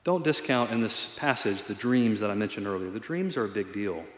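This pastor's voice sits lowish, with lively intonation and a fairly quick pace. Preaching his sermon in a church sanctuary, he's conversational, earnest and a little self-deprecating, all captured with echoey hall reverb.

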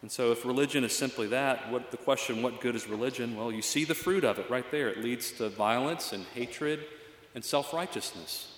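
A man's voice: medium pitch, moderate pace, roomy sound, in a large hall, a little hiss or hum. A male pastor giving a reflective, conversational sermon with frequent fillers.

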